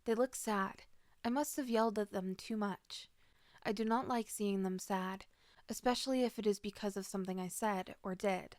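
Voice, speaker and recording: A woman's voice: medium pitch, fairly even intonation, moderate pace, darkish tone, no echo. A woman narrating a dramatic first-person story with emotional delivery.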